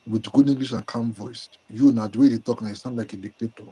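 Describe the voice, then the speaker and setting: A Nigerian man moderating a live audio-room discussion, brisk and directive, slipping into pidgin. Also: mid-range voice, steady tone, warm tone, slightly rough, low-quality recording.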